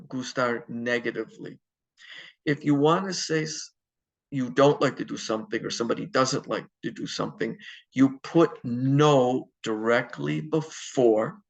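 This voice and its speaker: A man's voice: mid-range voice, creaky, rough recording. A man teaching a Spanish grammar lesson, explaining step by step with fillers and self-corrections. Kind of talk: recorded classroom lecture.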